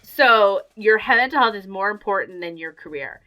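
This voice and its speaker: Bright-toned woman, reflective podcast co-host. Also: mid-range voice, expressive, normal speed, soft background music. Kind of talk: casual podcast chat.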